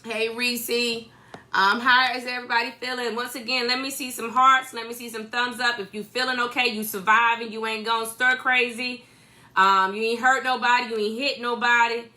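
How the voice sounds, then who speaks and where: Bright-voiced woman hosting a livestream. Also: fairly high pitch, flat delivery, normal speed. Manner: greets viewers by name, chatty and teasing. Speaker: co-host of a church livestream. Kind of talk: casual livestream chat. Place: home.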